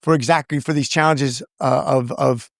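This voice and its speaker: A man's voice: medium pitch, steady tone, moderate pace, creaky, dry recording, clean studio sound. A man being interviewed as a congressman, telling his story in an earnest, rambling way with many restarts. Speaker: congressman guest.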